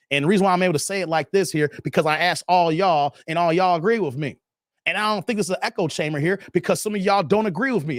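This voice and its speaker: A high-pitched man in his thirties rants to his live chat, blunt and full of cursing. His pitch leaps around wildly as he swings from loud outbursts to low mutters, and his voice sounds dry and close. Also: dry recording. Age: 30s. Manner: blunt, profane, emphatic, repeats himself. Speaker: live stream host. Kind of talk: ranting commentary to a live chat.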